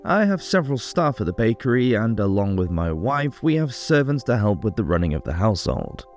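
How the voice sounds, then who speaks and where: A man reading aloud in his own voice as a prosperous medieval Parisian master baker, calmly telling of his trade with pride. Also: fairly low pitch, brisk, faint music behind. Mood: proud. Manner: calm first-person storytelling, proud of his trade.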